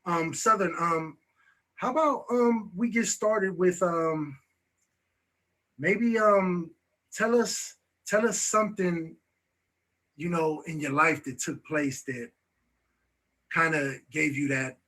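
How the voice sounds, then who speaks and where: A man's voice: fairly high pitch, slow pace, long pauses, fairly bright tone. A man hosting a casual talk show, loose and chatty, often repeating "you know what I'm saying.". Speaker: show host.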